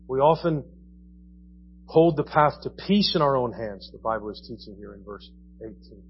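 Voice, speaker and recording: A man's voice: medium pitch, animated, moderate pace, creaky, husky, highs cut off. A man preaching a sermon in a conversational style, asking his listeners question after question. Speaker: pastor. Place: church.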